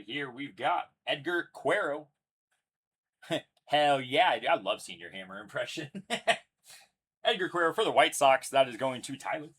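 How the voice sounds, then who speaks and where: Young male card break host: husky, lively delivery, chatty and upbeat while announcing each pull. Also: medium pitch. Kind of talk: live card-opening commentary.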